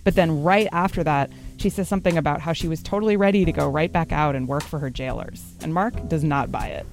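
A woman's voice: low-pitched, brisk, darkish tone, soft background music. A woman hosting and narrating a podcast in a conversational, explanatory way.

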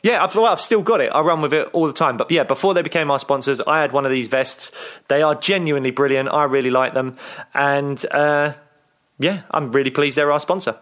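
A man co-hosting a podcast, chatting casually in a deliberately soft, hushed voice, and laughing often. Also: a little high. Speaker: podcast co-host.

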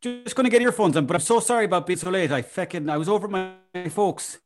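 An Irish man as a podcast guest, rambling in deadpan jokes and casual chat. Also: high voice, fast, over music. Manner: deadpan joking, rambling, apologetic. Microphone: online call.

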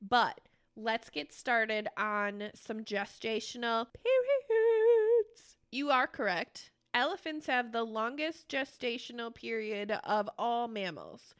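A young woman co-hosting a casual podcast chat, excitable and swearing casually. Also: a little high, clean tone. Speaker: podcast co-host.

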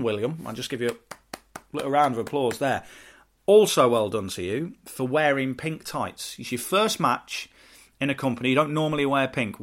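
A man hosting a casual solo podcast, heartfelt and rambling with restarts, bursting into excitement now and then. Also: mid-range voice. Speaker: podcast host and wrestling promoter.

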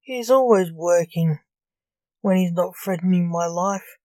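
Touchy young reporter guy, snappy comebacks, mellow low voice, woman reading. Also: measured pace, dry recording, close to an everyday voice. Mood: irritated. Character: quick-tempered young male reporter.

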